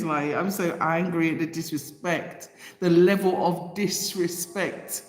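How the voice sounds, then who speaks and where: A woman's voice: medium pitch, normal speed. A woman hosting a livestream and reading out viewer comments, talking passionately and directly to her audience. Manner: passionate, impassioned, talks straight to viewers. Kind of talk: emotional livestream chat. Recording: roomy echo with long reverb.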